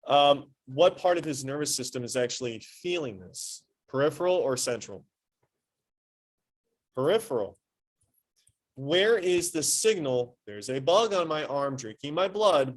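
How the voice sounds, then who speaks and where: Man quizzing a classroom as teacher. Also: on the high side. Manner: quizzing, rhetorical questions, playful analogies. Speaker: high school anatomy teacher. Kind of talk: classroom lecture with questions to students.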